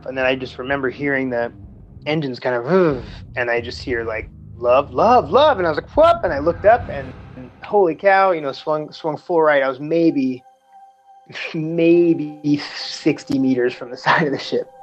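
A man in his thirties, a Navy veteran, telling his story casually in an interview with many fillers and chuckles. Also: medium pitch. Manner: halting, chuckling, lots of fillers. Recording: slightly dull sound with faint music.

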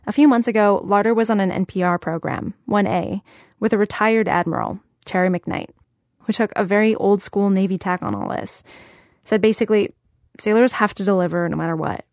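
A woman hosting and reporting, narrating a scripted story in a clear, conversational way. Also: mid-range voice, brisk, a little mellow, no echo. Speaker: host and reporter. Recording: dry studio sound.

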